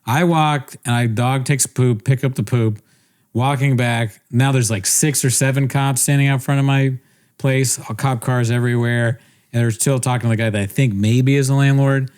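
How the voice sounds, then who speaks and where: A man's voice: medium pitch, fairly even intonation, normal speed, a little mellow, clean tone. A young man on a podcast telling a rambling story in casual chat, interrupting himself and laughing often. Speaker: podcast co-host.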